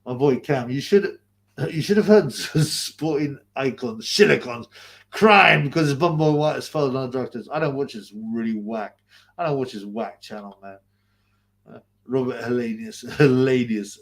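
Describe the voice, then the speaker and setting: A man's voice: medium pitch, normal speed. A man, hosting a casual livestream, reading viewer comments aloud, rambling, swearing and laughing often. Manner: crude, rambling, laughs often, repeats himself. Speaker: livestream host.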